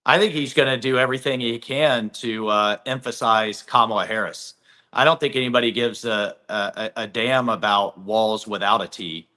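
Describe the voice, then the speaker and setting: A man's voice: fairly low pitch, normal speed, pushed and bright. A congressman being interviewed remotely, making blunt, emphatic points. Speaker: congressman guest.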